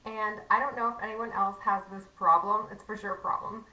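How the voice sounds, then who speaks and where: A chatty woman talks her team through a casual livestream training, full of fillers and self-mocking asides. Her voice is bright and sharp. It sounds a bit distant, in an echoey room. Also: mid-range voice, steady tone, a little fast.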